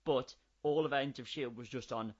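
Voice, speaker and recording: Man, 30s, animated casual podcast co-host; slightly dull recording. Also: medium pitch, brisk. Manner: animated, swears freely, riffs on ideas. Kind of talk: casual chat.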